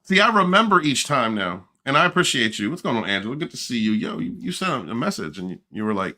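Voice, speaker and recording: A man's voice: mid-range voice, very animated, quick pace, hardly any pauses, sharp tone. A middle-aged man hosting a casual livestream, joking, laughing and greeting viewers in the chat. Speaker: livestream host.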